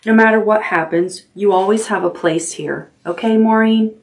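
Lady reading soft awkward auntie, earnest and kind. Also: mid-range voice, moderate pace, distant mic, pitched above the performer's own voice, lightly acted. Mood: consoling. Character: kindly, awkward middle-aged aunt.

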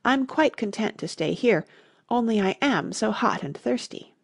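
A woman's voice: on the high side, lively intonation, moderate pace, vocal fry, no echo, clean studio sound. A woman voicing a curious, polite young girl in an audiobook. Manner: eager, polite. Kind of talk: audiobook character reading.

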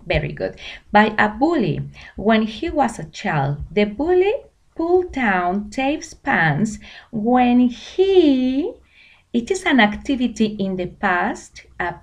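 Female English teacher, native Spanish speaker, bilingual explainer; lilting pitch, slight vocal fry. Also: big pitch swings, slow pace, highs cut off. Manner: switches between English and Spanish. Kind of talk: recorded online class.

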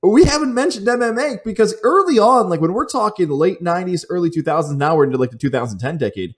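Jokey podcast host, lively voice. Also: male voice, high voice, fast talker. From Central New York, US. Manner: jokey, conversational interviewer. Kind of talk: casual podcast interview.

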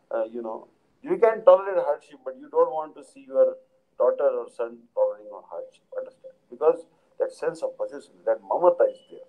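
Man giving a slow devotional talk. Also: medium pitch, dark tone, poor audio. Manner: repeatedly asks "Understand?" to listeners; unhurried, explanatory, with frequent fillers. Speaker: spiritual teacher. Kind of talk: devotional lecture.

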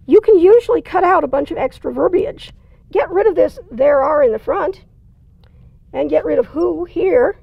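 A woman's voice: extremely high pitch, gravelly, dry recording, dull audio. A woman teaching a writing lesson, explaining in a plain, conversational way with dry asides. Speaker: writing instructor. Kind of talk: recorded lecture.

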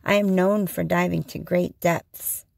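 A woman's voice: lowish voice, steady tone, unhurried, creaky, darkish tone, no room sound, clean studio sound, exaggerated voice. A woman voicing a boastful male hell diver bird in a storybook reading. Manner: boastful, then mocking.

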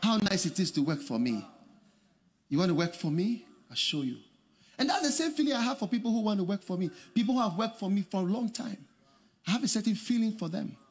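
Animated man preaching. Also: high voice, fairly quick, slightly rough, big-room sound. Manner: animated preaching, shouting and laughing. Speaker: pastor. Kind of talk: sermon.

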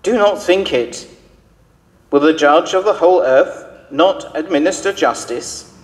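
A man's voice: fairly high pitch, a little slow, voice pushed up, natural voice. A man reading the part of a patriarch who pleads humbly and earnestly with God, in a church. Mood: pleading. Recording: reverberant church hall.

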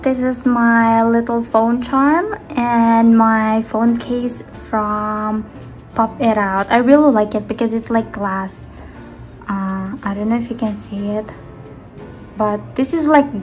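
Young woman from the Philippines, slightly high voice, rambling home vlog that trails off softly. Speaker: vlogger. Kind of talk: casual chatty vlog. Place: indoors at home.

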